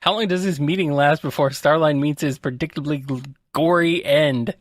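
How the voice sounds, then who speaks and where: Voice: mid-range voice, moderate pace, no room sound, studio quality. A podcast co-host who laughs often and reads out listener questions in casual chat.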